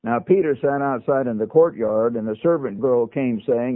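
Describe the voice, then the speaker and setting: A man's voice: mid-range voice, moderate pace. A man teaching a broadcast sermon on scripture, emphatic, with folksy asides to his listeners. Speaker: radio Bible teacher. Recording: narrow, phone-like radio sound.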